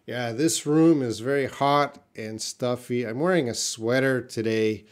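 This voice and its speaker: A man's voice: mid-range voice, a little slow, hardly any pauses. A man teaching English in a live lesson, explaining words patiently and reading viewers' comments.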